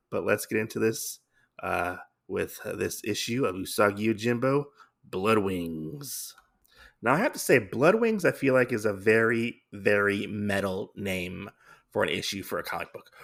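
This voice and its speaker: Creaky-voiced man hosting a casual podcast. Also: lowish voice, a bit bright. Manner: rambling, many fillers and restarts. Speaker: podcast host. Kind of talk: casual comic book recap.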